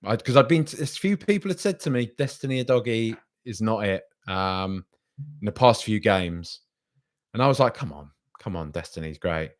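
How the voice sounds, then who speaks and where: A man hosts a casual podcast stream in a mid-range voice at normal speed. He reads viewer comments aloud, rambling and hesitating, then pushes back with exasperation.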